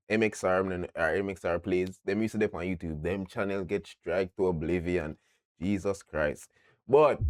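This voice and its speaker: Jamaican male reactor, deep and dry, quick to interrupt. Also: no echo. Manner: animated, interrupting, speaks Jamaican patois. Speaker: reaction video host. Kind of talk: casual reaction commentary.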